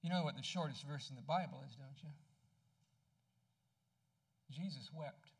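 At normal speed and with a breathy edge, a pastor gives a sermon that feels like conversation. He asks the congregation questions, and his voice drops soft and low as he recounts his own experiences.

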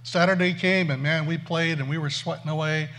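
Male preacher, self-mocking storyteller, slightly high, lively. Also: brisk. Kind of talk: storytelling sermon.

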